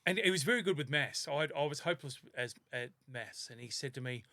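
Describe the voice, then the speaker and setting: An Australian man in his fifties, a podcast guest telling lively stories in casual chat and laughing often. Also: mid-range voice, brisk, dry recording, studio quality. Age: 50s.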